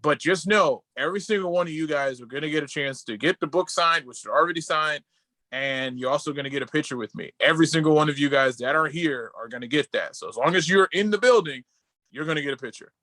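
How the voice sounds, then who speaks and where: A man co-hosting a casual podcast over a video call, telling excited stories and quoting people in a lowered voice. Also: quick pace, no room sound. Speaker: podcast co-host.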